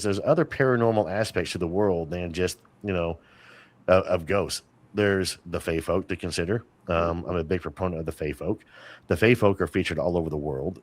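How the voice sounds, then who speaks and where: A man with a lowish voice chats as a podcast guest, drifting from one story to the next with plenty of fillers and restarts. The sound is dry and close. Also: no echo. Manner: rambling storyteller, many fillers. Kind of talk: casual interview chat.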